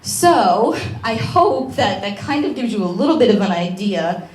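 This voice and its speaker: A woman's voice: medium pitch, very animated, moderate pace. A woman astrologer giving a personal talk at a networking event, chatty and emotional, laughing often and tearing up at times. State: tearful at times. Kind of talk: personal talk to a live audience. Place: event room with an audience. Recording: roomy echo with faint background noise.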